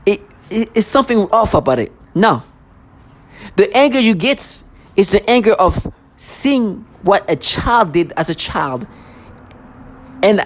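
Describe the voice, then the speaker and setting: Speaking at a medium pitch over slight background noise, a woman vlogger delivers an agitated monologue to camera. She mocks things with sarcastic asides and trips over her restarts.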